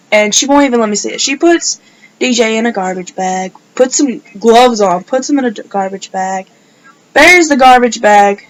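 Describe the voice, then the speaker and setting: In this low-quality recording, a woman vlogger with a slightly high voice tells a personal story in a casual vlog. She rambles along, peppering her speech with "like" over and over.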